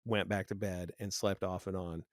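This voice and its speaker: A middle-aged man co-hosting a podcast in casual chat, telling relaxed anecdotes. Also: deep voice, normal speed, no room sound, studio quality. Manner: easygoing, anecdotal, breaks into loud mock rants. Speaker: podcast co-host.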